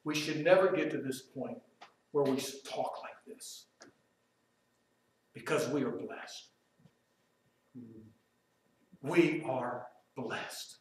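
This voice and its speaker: A man preaching a sermon, turning loud and emphatic as he quotes, then dropping quiet and slow to reflect. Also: medium pitch, a little hiss or hum. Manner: emphatic, rises loud when quoting Job, drops quiet and slow to reflect. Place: church sanctuary. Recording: very echoey room, voice from far off.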